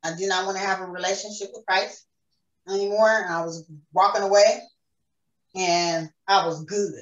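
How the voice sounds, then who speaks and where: A woman's voice: medium pitch, fairly even intonation, moderate pace, dull audio. A woman giving an earnest, emotional personal faith testimony as a podcast guest. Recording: roomy echo, distant mic.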